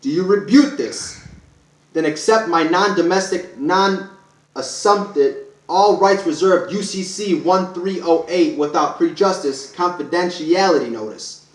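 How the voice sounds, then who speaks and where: A man's voice: high-pitched, unhurried, roomy sound, poor audio. Emphatic man reading a proclamation. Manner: emphatic, listing clauses one by one with stumbles. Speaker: self-declared speaker reading a public proclamation. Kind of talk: read-aloud declaration to camera.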